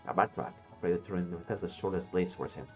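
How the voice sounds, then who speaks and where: Deep voice guy streamer reading game text, swears and jokes at characters, game music behind. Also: quick pace. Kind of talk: casual game commentary reading story text aloud.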